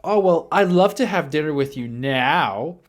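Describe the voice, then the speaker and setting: A man putting on a snooty young woman in a quick quoted bit during his commentary. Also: a little high, expressive. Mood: eager. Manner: dismissive. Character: young woman, snooty then eager gold digger.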